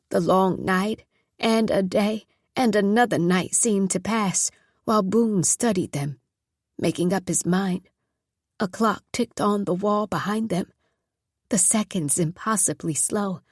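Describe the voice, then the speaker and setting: An audiobook narrator, a woman with a mid-range voice, reads a novel aloud in steady, measured scripted narration. The recording is dry and studio quality.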